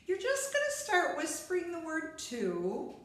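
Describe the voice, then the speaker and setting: Woman music teacher, high lively voice, patient step-by-step instruction, echoey room. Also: a little slow. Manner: patient step-by-step teaching, addresses viewer directly. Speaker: recorder teacher. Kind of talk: instructional video lesson.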